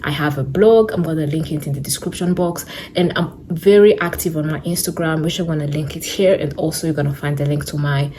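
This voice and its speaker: A young beauty vlogger with a low, slightly mellow voice chats casually while doing her makeup, talking a little fast with fairly even intonation. She's a bit out of breath and rambles with fillers. She's sitting at home indoors, filmed by a camera in front of her.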